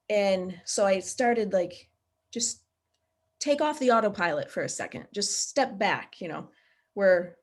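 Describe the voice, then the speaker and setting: Earnest woman explaining animal behaviour. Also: medium pitch. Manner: earnest, practical, explains with everyday examples. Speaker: animal behaviour expert guest. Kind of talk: casual video call interview. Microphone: video call.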